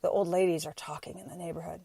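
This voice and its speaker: A woman voicing her literal-minded husband in a calm, quiet, deadpan way. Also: on the low side, fast talker, vocal fry, breathy edge, no echo, voice pushed down. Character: flat, literal-minded husband, middle-aged man.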